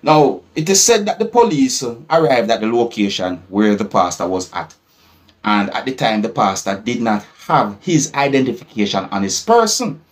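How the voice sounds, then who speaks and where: Jamaican man retelling a news story. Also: medium pitch. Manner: keeps asking viewers "you see?". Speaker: vlogger. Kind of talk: news commentary vlog.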